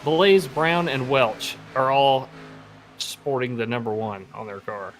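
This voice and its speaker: A chatty man with a Canadian accent adds color commentary to an online race and reads out viewer comments. His voice is mid-pitched. Faint noise runs underneath. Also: slow. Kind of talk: casual color commentary and chat.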